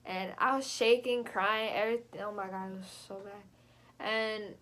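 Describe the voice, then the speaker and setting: A young adult woman telling a personal story in a casual vlog, animated and chatty, leaping up in pitch when she quotes herself. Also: measured pace. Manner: animated, jumps high when quoting herself; chatty, frequent fillers. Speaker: vlogger.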